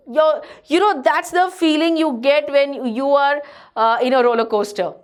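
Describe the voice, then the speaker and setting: A woman teacher with an Indian English accent who reads story lines slowly and then explains them to students in simple words. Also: sits high.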